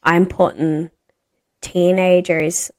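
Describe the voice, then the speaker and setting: A woman's voice: lowish voice, flat delivery, slow, darkish tone, dry recording. A woman in her thirties with an Irish accent, co-hosting a podcast and ranting in an exasperated, sweary way. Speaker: podcast co-host. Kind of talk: casual chat.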